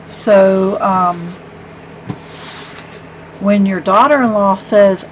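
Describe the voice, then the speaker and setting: A woman's voice: medium pitch, takes it slowly. A middle-aged woman casually showing her handmade cards, chatty and rambling, with gushing asides. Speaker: card-making vlogger. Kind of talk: casual craft show-and-tell. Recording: dull lo-fi with faint hum.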